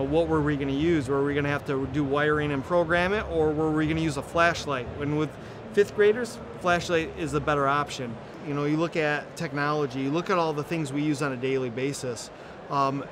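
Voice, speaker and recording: A man, a teacher, talks thoughtfully in a relaxed interview answer. His voice sits a little high for a man. Clear urban background noise sounds behind him, as from an outdoor spot near traffic. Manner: thoughtful, with fillers and restarts.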